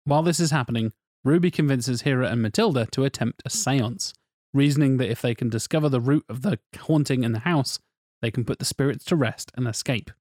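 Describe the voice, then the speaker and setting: A man co-hosting a casual podcast, narrating plot and tossing in quick quips. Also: mid-range voice, darkish tone, no room sound, clean studio sound. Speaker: podcast co-host. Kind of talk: casual chat, reading out a film pitch.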